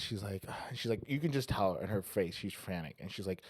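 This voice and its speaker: A man with a low voice talks briskly, barely pausing, as he co-hosts a casual podcast. He tells a long anecdote, swearing often and acting out the people involved, with no room sound in the recording.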